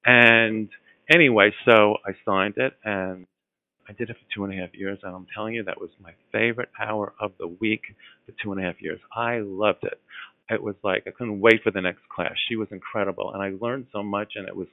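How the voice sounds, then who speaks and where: A man guest tells a personal story casually and earnestly, full of fillers and restarts, his enthusiasm building as he goes. His fairly low voice is steady and a little fast, with no room sound, over a tinny, phone-like line.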